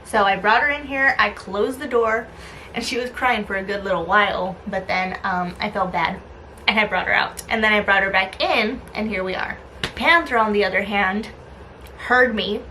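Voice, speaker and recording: A young adult woman telling a story in a casual vlog, chatty and animated, with lots of "like" and "um". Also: mid-range voice, moderate pace, a little hiss or hum, low-quality recording. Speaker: lifestyle vlogger.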